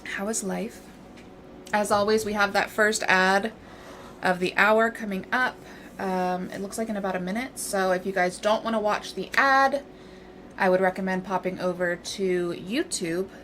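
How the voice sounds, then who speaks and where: A woman hosting a game livestream, talking casually and playfully to her viewers. Her voice sits at a middle pitch. A steady background noise runs under the recording. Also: normal speed. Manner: chatty, playful, rambling. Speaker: game streamer.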